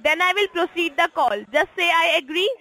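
A woman on a phone call reading a scripted offer, fast and repetitive, insisting the caller agree. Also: extremely high pitch, bright, forceful tone. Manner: reads a script fast, repeats lines insistently. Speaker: phone scammer. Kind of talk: scripted phone sales pitch.

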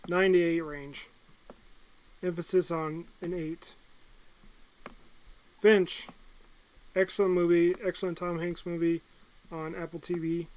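A young man with a slightly high voice ranks movies in an easygoing vlog. He talks bluntly and excitably, jumping from loud bursts to low mutters. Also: slow, long pauses, low-quality recording. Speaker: movie reviewer. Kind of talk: casual movie ranking vlog.

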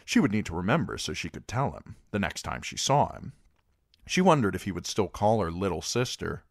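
Lively low-voiced man reading aloud. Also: brisk, dry recording, studio quality. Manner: expressive, animated reading. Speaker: amateur audiobook reader. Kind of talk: storybook narration.

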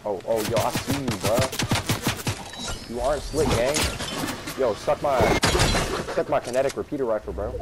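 A young man giving slangy, excitable gameplay commentary, trash-talking opponents as he plays. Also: mid-range voice, unhurried, pauses often. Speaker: gaming YouTuber. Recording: noisy game audio behind. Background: game sounds.

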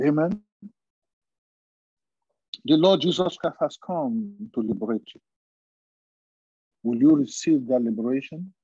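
Male pastor, fervent repetitive sermon delivery, fairly high husky voice, dull dry recording. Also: very animated, mellow, no echo. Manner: fervent preaching with repetition and emphatic pauses.

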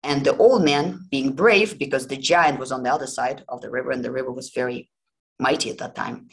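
A woman's voice: rumbling low, a little fast, low-quality recording. A woman hosting a history podcast, retelling fairy tales in a chatty, informal way with many asides. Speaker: podcast host. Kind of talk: casual storytelling.

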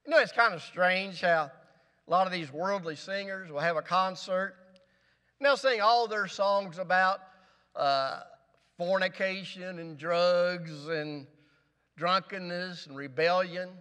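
A man's voice: sits high, measured pace, pushed and bright, long reverb tail. A male pastor preaching a sermon in a church, with rising emphasis and rhetorical questions. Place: church sanctuary.

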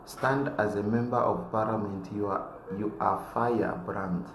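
Man, live-stream politician type, animated, laughs a lot, echoey room, faint hiss behind. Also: lowish voice, a little slow. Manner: animated, laughs often, gets loud when fired up. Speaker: aspiring politician answering viewer comments. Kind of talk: live-stream chat reading comments.

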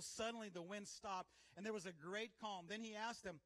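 A man preaching a sermon as pastor, energetic and calling for responses from his congregation. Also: high-pitched, brisk.

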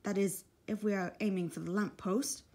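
Woman doing a resentful young schoolboy for a story read, husky and sulky. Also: medium pitch, fairly even intonation, moderate pace, dark tone, natural voice. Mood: restless.

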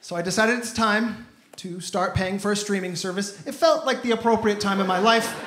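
A man's voice: high-pitched, normal speed, noisy background. A man in his thirties performing an upbeat stand-up comedy set on stage. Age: 30s. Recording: echoey stage sound.

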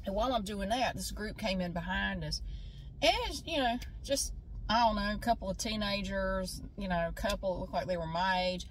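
A woman's voice: mid-range voice, a little fast, slight background noise, rough recording. A woman, telling a funny story casually on a vlog and swearing freely. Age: 40s. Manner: animated, laughing, swearing freely. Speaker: vlogger. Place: outdoors at a beach.

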